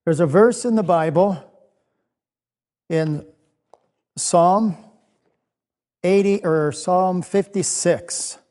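A man giving a gentle children's sermon, often asking the children questions and dropping to a soft, quiet voice. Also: high voice, drawn-out words, long pauses. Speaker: children's minister. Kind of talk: children's object lesson sermon.

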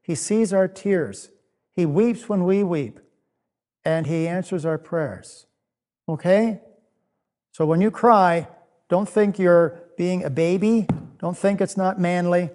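A man giving a gentle children's sermon, often asking the children questions and dropping to a soft, quiet voice. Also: sits high, slow, long pauses. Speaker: children's minister. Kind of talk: children's object lesson sermon.

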